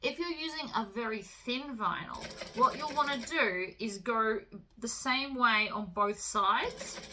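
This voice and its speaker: A woman hosting a sewing tutorial, talking through each step in a relaxed, chatty way with the odd um and uh. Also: fairly high pitch, noisy background. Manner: relaxed, chatty instruction with fillers.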